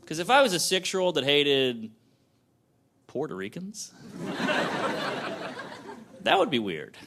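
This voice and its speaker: A man's voice: a little high, big pitch swings, takes it slowly, fairly bright tone. A young man doing a casual stand-up comedy set, chuckling at his own jokes. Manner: casual, self-amused, laughs at own jokes. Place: comedy club stage. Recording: live comedy club, audience laughter and noise. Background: audience laughter.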